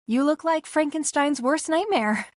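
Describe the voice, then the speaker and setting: A woman's voice: high-pitched, unhurried, no room sound, clean studio sound, voice pushed up. A woman voicing a shy, anxious young woman with a lifted, girlish tone, in a storybook reading. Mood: lively.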